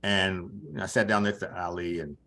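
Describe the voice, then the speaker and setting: Older man telling stories, lowish voice. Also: fairly even intonation, moderate pace, sharp tone. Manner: rambling, chuckling raconteur. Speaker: guest sports journalist. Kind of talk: casual anecdotal storytelling.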